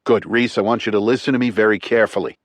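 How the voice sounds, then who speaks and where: A man with a Chicago accent voicing a calm, wry male explosives expert who speaks in a steady, instructive way. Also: on the low side, fast, no echo, natural voice. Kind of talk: audiobook character reading.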